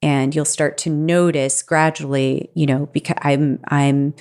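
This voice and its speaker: Woman, low voice, podcast host, solo advice talk, earnest, encouraging, conversational. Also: steady tone, measured pace, darkish tone, clear, resonant tone. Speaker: stepparent.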